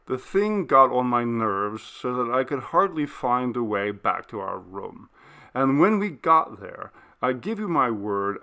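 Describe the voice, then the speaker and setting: A man narrating a classic ghost story in the first person, measured and deliberate. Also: mid-range voice, gravelly, pushed and bright. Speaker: narrator, audiobook reader.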